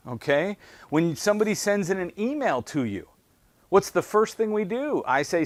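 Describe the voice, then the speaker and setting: A man's voice: high voice, normal speed. A man giving a sales training talk, asking punchy rhetorical questions and acting out callers and salespeople. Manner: animated, acts out callers and salespeople.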